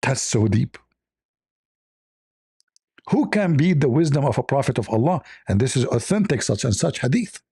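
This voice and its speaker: A man's voice: medium pitch, animated, brisk, few pauses, dark tone, husky, dry recording, studio quality. A man giving mocking commentary, sarcastic and laughing, with non-native phrasing. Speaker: online religion critic.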